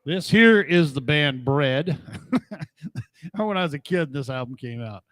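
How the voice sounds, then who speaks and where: A man's voice: a little high, animated, measured pace, fairly bright tone, dry recording, clean studio sound. Sarcastic middle-aged man ranting. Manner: sarcastic, mocking, chuckles often. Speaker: podcast host playing old records. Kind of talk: casual rant.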